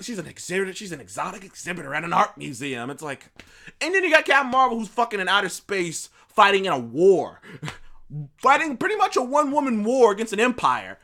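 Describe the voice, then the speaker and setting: A man's voice: high voice, very animated, fairly quick, pushed and bright. A man hosting his own show, giving opinionated, profane movie commentary, ranting and repeating himself. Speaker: show host.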